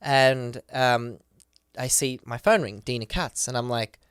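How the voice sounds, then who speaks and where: A man, a podcast guest, telling a story with excitement, acting out the people he quotes, with many fillers. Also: mid-range voice, unhurried, smooth, no echo, studio quality. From Australia. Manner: acts out the voices of people he quotes. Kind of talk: animated storytelling.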